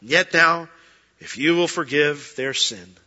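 A middle-aged pastor preaching in a casual, conversational way, acting out quoted prayers and excuses. His voice is bright and edgy, sitting a bit high for a man. The sound is dull and carries a long hall reverb. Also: slow pace. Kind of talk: sermon.

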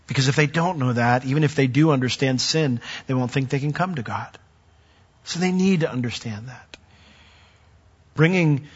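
A man's voice: mid-range voice, breathy edge. A middle-aged man preaching a sermon as pastor, conversational with dry, wry humor. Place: large church sanctuary. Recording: dull lo-fi sound with long hall reverb.

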